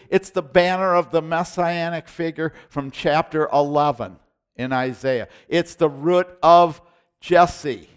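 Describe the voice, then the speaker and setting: A man preaching an expository sermon, with halting restarts and sudden emphatic bursts between quieter explanations. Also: mid-range voice. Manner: halting restarts, repeated words. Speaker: pastor.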